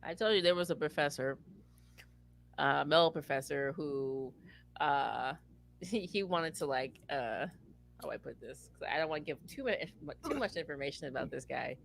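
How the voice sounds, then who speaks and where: A woman telling a story in casual chat, animated and laughing often as she acts out the voices of the people she quotes. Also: low-pitched, moderate pace, creaky. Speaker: former campus advisor.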